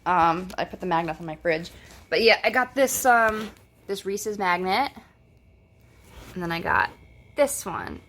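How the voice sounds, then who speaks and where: A woman's voice: fairly low pitch, big pitch swings, measured pace, long pauses, a bit bright. A young woman telling a rambling storytime at home, swearing casually and filling her talk with "like" and "bruh". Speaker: vlogger. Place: at home, indoors.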